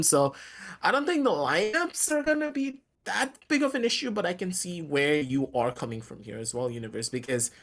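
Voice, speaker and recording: A man casting a live esports match over a voice call, excitable and quick to shout at big plays. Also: a little high. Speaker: esports caster. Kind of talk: live game commentary. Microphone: headset over voice call.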